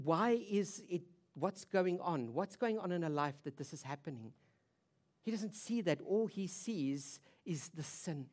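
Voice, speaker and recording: A woman preacher giving a sermon, telling the story vividly with rhetorical questions and swinging between loud emphasis and hushed intensity. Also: on the low side.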